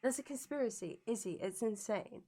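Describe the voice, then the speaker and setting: A woman's voice: a little high, expressive, brisk, warm tone. A young woman streaming a game and chatting casually with viewers, playful and giggly, singing silly jingles between remarks.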